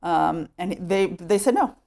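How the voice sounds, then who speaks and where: A woman from Texas with a somewhat low voice talks through her life story in a relaxed interview. She is recorded at home and leans on "like" as she goes. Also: unhurried, creaky. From Sherman, Texas, US. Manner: chatty, with many "like" fillers. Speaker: interview guest.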